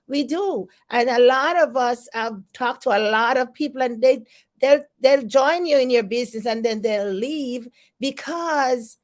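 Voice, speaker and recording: A Jamaican woman giving a casual motivational live-stream talk, encouraging and repetitive, with many fillers. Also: a little high. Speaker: motivational speaker.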